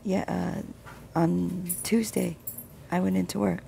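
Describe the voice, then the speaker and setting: A woman's voice: little pitch movement, takes it slowly, dark tone, slight background noise. A woman sharing a personal faith testimony, earnest and reflective, sometimes dropping to a whisper. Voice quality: gravelly low voice. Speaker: Christian vlogger sharing testimony.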